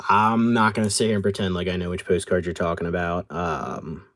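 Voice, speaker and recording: A man with a deep, low voice talks through a casual live stream in a loose, rambling way. He answers viewers' questions as they come and often stops to correct himself or trail off mid-thought. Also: steady tone, fairly quick, fairly bright tone. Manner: rambling, answers chat as he sorts. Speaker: card collector streamer.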